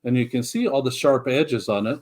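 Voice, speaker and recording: A man's voice: medium pitch, fairly quick, a little mellow. A middle-aged man, a guest in an interview, telling his story in an earnest, reflective way with frequent restarts. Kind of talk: conversational storytelling.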